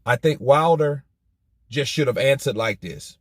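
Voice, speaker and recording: A man hosting a boxing news channel, talking in an animated, profane way and firing off rhetorical questions. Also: medium pitch, unhurried, no echo, studio quality. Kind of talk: commentary vlog.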